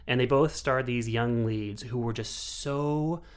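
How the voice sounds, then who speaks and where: A man in a relaxed podcast conversation, telling stories with lots of energy and laughter. His voice sits in an ordinary middle pitch and he slips into high, exaggerated voices when quoting people. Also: measured pace, clean tone. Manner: animated storyteller, breaks into high-pitched quoted voices and laughs often. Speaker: podcast host. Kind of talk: casual chat.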